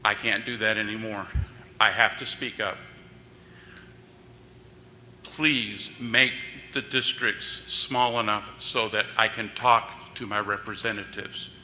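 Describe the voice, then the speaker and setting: A middle-aged man giving plain, measured, polite public testimony. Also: on the low side, fairly even intonation, sharp tone. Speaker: public commenter. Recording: echoey hearing room with faint hiss.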